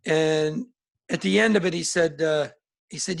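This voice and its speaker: Gravelly man telling rambling stories. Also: on the high side, a little slow. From northern New Jersey and Alabama. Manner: rambling anecdotes, acting out quoted voices. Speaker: musician guest. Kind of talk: casual storytelling interview.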